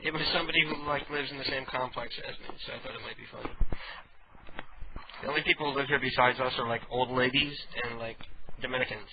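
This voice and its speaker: A man's voice: mid-range voice, fairly even intonation, fast talker. A male radio host in casual, rambling chat who laughs easily. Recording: lo-fi with clear hiss.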